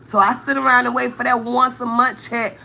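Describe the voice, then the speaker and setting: Emotional bright-voiced woman. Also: fairly high pitch, flat delivery, brisk, creaky. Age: 30s. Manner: candid, venting, thanks commenters, near tears at times. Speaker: vlogger, mother of four. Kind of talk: emotional live-stream chat with viewers.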